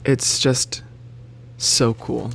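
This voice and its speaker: A man talks casually to his camera in a loose, chatty vlog. His voice sits at an everyday middle pitch but leaps sharply upward when he gets worked up, and he swears freely as he goes. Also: flat delivery, drawn-out words, gravelly, fairly bright tone, slightly rough. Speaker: bookseller and book vlogger.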